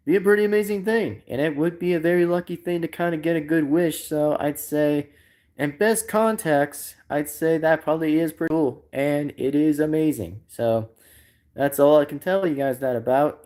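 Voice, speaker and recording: A man hosting a live stream talks loosely and at length, circling back over the same points and leaning on filler phrases. His voice sits a little higher than most men's. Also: a little mellow. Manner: rambling and repetitive, full of filler phrases. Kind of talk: unscripted live stream chat.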